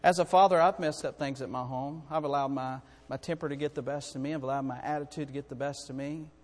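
A man preaching a sermon to his congregation, swinging from soft, musing asides to loud, rising calls, with frequent restarts and jokes with the crowd. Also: mid-range voice, steady tone, fast, long reverb tail. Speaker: pastor. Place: church sanctuary.

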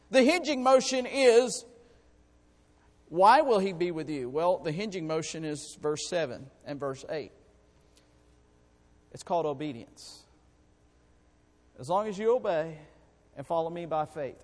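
A high-pitched man preaching in a church, his voice ringing with long reverb from the hall. He moves between loud, rising exhortation and quiet asides. He stretches out his scripture readings slowly. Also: lively intonation. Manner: reads scripture in slow, drawn-out phrases. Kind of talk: sermon.

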